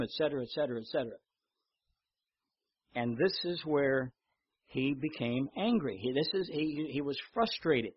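An older man preaching a sermon, telling stories with lively repetition and reading scripture aloud. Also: medium pitch, moderate pace, long pauses, slightly rough, no room sound, dull audio. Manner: storytelling, animated in anecdotes, repeats words. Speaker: pastor.

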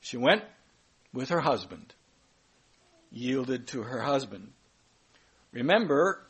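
A man's voice: medium pitch, a bit bright, slightly rough. A man giving a conversational Bible teaching, chatty and informal, correcting himself aloud as he goes.

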